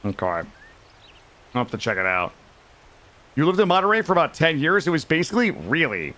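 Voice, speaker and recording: A man's voice: on the high side, sing-song, fairly quick, fairly bright tone. A man from Vermont chatting casually with his live-stream chat while he plays, joking and swearing freely. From Vermont, USA. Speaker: gaming streamer.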